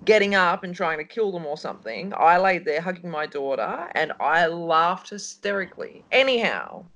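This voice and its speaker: A woman's voice: fairly low pitch, animated, moderate pace, fairly bright tone. A woman co-hosts a casual radio-style talk show. She rambles through a story, and her voice rises and falls a lot. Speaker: co-host.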